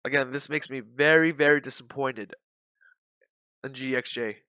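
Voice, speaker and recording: A man's voice: mid-range voice, steady tone, normal speed, pushed and bright, clear, resonant tone, no echo. A man giving live commentary on a day-trading stream, blunt and repetitive, openly frustrated.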